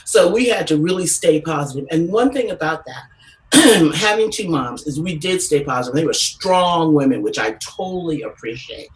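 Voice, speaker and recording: A woman's voice: deep voice, normal speed, recorded from a distance, poor audio. Brash, profane woman stand-up comedian. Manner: animated storytelling, brash and profane.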